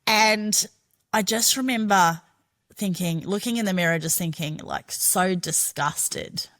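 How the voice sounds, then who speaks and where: A middle-aged Australian woman, guesting on a podcast, tells her own story candidly, frank and chatty and swearing freely. Her mid-range voice is unhurried and a bit bright.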